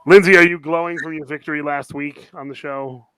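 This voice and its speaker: Bright-voiced male podcast host. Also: a little high, steady tone, a little fast, clean tone, dry recording. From New Jersey. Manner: laughs often, playful. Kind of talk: comedy podcast hosting.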